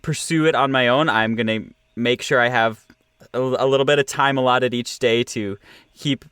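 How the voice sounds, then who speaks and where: A man's voice: mid-range voice, fairly even intonation, a bit bright, clear, resonant tone, no echo, studio quality. A young man, an audio producer and director, talking in a casual interview with many fillers and restarts. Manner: halting, many fillers and restarts, laughs often.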